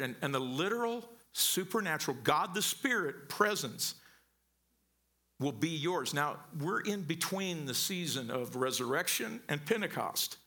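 High, bright-voiced preacher from Missouri. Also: male voice, sing-song, unhurried. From southern Missouri. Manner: conversational, stammering restarts, storytelling. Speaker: pastor. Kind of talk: sermon.

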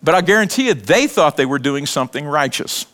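A middle-aged man preaching a sermon in a conversational, animated way, joking and acting out little scenes. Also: fairly high pitch, brisk. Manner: animated, conversational preaching with laughs and acted quotes. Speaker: pastor.

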